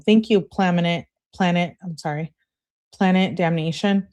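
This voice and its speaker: A woman's voice: lowish voice, a little slow, darkish tone. A young woman casually reading text messages aloud on a live stream, adding blunt, chatty commentary of her own. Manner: chatty, blunt, reads quotes with a lifted voice. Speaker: online true-crime host.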